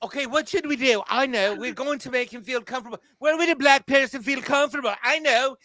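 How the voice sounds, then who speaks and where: A man voicing a campy, gushing male TV writer in a mocking, sing-song way, squealing with excitement. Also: very high voice, fast, no room sound.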